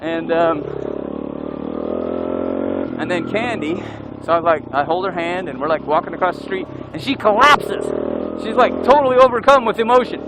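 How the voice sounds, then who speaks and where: A man tells a rambling story while he rides a motorcycle trail, and he lets out a whoop now and then. His voice sits high and swings widely. The helmet mic picks up a steady wash of engine and wind noise. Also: normal speed, gravelly, pauses often. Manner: animated, whoops and yells while riding. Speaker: motovlogger. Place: outdoors on an off-road motorcycle trail.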